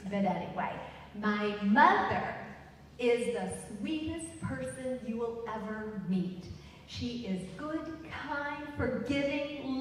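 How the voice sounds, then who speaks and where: A woman telling comic family stories on stage in an animated way. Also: sits high, slight background noise. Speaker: storyteller. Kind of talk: stage storytelling. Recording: echoey hall, distant mic.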